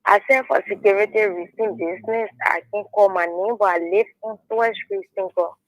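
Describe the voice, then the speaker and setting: A woman's voice: medium pitch, normal speed, no echo, rough recording. A woman calling a radio show, matter-of-fact and guarded. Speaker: caller.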